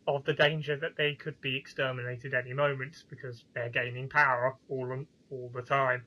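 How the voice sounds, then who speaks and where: A man's voice: medium pitch, moderate pace, hardly any pauses, bright, forceful tone, poor audio. A man co-hosting a review podcast, recapping the plot with enthusiasm in casual chat. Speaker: podcast co-host.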